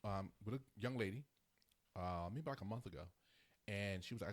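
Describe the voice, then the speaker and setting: A man in his forties hosting a casual podcast chat, ranting in an animated way and mimicking others in quick asides. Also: fairly low pitch, no echo. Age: 40s. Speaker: host.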